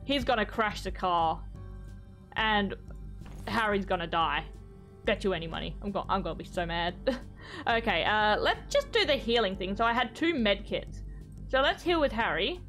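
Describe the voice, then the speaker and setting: A woman's voice: medium pitch, big pitch swings, moderate pace, fairly bright tone, soft background music. A young woman giving playful let's play commentary, chatting to the game's characters as she goes. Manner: playful, talks to game characters. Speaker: gaming YouTuber.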